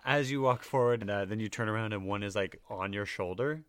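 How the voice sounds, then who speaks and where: A man's voice: fairly low pitch, a little fast, clean tone, no echo. A man narrating as game master of a tabletop game in a casual, laughing way, with lots of fillers.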